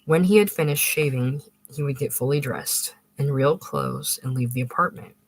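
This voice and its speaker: A narrator reading a literary short story aloud in a measured way, with occasional small restarts. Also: medium pitch, gravelly, a little hiss or hum, poor audio.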